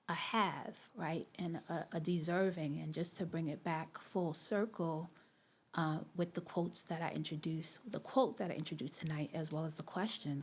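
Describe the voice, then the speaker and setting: A woman's voice: sits low, a little mellow, slightly rough. A woman hosting a podcast, talking reflectively and conversationally to her listeners, with many fillers and asides. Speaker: podcast host.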